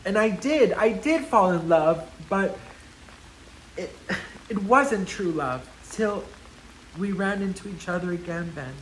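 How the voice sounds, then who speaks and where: A man's voice: sits high, animated, slow, pauses often, slight background noise, rough recording. A man doing a melodramatic pleading starlet. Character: heartbroken woman star pleading with her ex.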